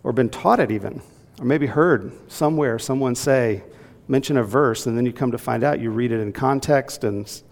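Creaky-voiced man teaching a Bible class. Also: mid-range voice, normal speed, few pauses. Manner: conversational, asks the group questions. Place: church room with a group. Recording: long hall reverb.

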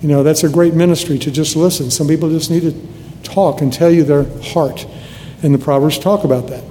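An older man in his seventies preaches earnestly, his voice mellow and set a little high for a man. The sermon is recorded in a hall with a long, trailing reverb and faint low noise behind it. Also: fairly quick. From United States (Nebraska). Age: 70s. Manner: earnest, conversational preaching with restarts.

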